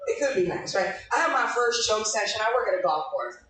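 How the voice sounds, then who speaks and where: A woman's voice: mid-range voice, lively intonation, a little fast, fairly bright tone. Brash profane woman comic, echoey room. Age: 40s. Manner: brash, profane, laughing at her own jokes. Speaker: stand-up comedian. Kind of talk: live stand-up with crowd work. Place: small live comedy room. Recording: echoey room from far off, faint noise.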